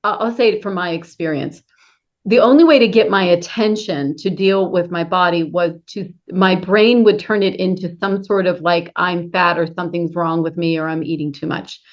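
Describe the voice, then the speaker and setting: A woman's voice: fairly low pitch, normal speed. A woman hosting a casual conversation, speaking candidly and personally and laughing easily. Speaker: host. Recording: dull lo-fi sound.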